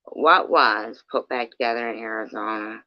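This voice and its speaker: A woman's voice: extremely low pitch, moderate pace, no room sound, dull audio. A woman chatting casually with her viewers, joking, laughing often and swearing freely. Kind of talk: casual live chat.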